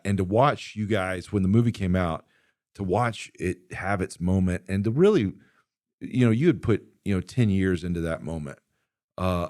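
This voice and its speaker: A middle-aged man hosting a podcast, telling a story in casual chat, animated and quick to laugh as he acts out what people said. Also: low voice, no room sound, clean studio sound. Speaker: podcast host and filmmaker.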